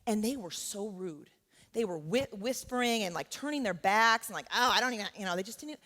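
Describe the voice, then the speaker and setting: In a church sanctuary with long hall reverb, a college teacher gives an earnest, conversational talk and keeps checking in with her listeners. Her mid-range voice is animated and fairly bright, moving at a moderate pace.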